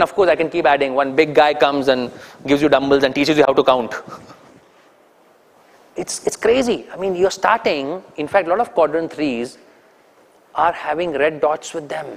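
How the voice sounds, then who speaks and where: Animated Indian man training in a hall. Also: fairly high pitch, normal speed. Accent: Indian English. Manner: animated, teasing, asks the audience questions. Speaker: corporate trainer. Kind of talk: motivational training talk.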